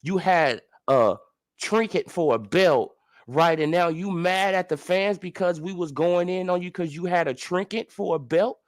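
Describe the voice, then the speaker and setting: A man's voice: high-pitched, measured pace. A man ranting in sports commentary as a vlogger, profane and incredulous, firing off heated rhetorical questions.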